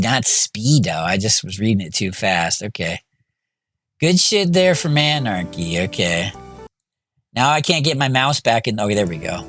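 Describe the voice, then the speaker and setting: A man live-streaming a game, thinking out loud and answering his chat as he goes. His pitch swings up and down a lot while he talks, and faint music plays behind him. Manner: scattered, self-talking, reacting to chat. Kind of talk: casual live-stream commentary.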